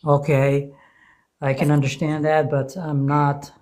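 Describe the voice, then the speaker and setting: An evasive man calls into a livestream and keeps deflecting the host's questions. His voice sits a little high for a man. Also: level tone, unhurried, a little mellow. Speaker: caller. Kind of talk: casual livestream chat.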